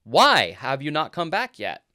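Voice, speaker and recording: Deadpan joking man podcast co-host. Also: unhurried. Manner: deadpan absurd jokes, lively pitch. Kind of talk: casual comedic chat.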